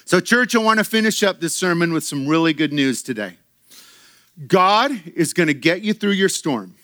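A man preaching a sermon to his church in an animated way, acting out quoted voices and laughing often. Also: on the high side, moderate pace, dry recording, studio quality. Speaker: pastor.

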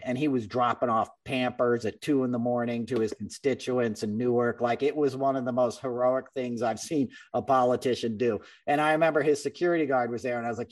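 A blunt man hosts a casual political podcast, telling stories with energy and a mid-range voice. He jumps into quick impressions of the people he describes. His voice sits a little back from the microphone. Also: mid-range voice, distant mic. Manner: blunt, animated, mimics people he talks about. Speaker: podcast host. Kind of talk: casual political chat and storytelling.

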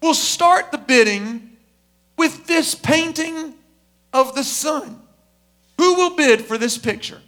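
A stiff, formal auctioneer calls out to the room in a loud, very high voice, put on by a man. The delivery is slow and deliberate, every phrase pushed out to be heard. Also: expressive, full character voice. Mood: insistent. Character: formal male auctioneer, insistent then solemn.

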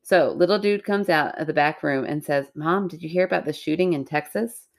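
A woman with a low voice co-hosts a relaxed podcast. She tells stories in a playful, chatty way and laughs often. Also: fairly quick. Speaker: podcast co-host. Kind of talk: casual chat and storytelling.

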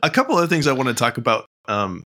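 A man co-hosts a podcast in casual chat. His voice is bright and forward, and he talks in a relaxed, easygoing way. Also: medium pitch, quick pace. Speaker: podcast co-host.

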